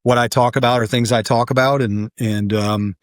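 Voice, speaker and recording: Guy in his 40s, chill and rambly, lots of ums, mid pitch, dry sound. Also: moderate pace, no room sound. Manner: relaxed, rambling, many ums. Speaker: guest, artist and podcast host. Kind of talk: casual conversation.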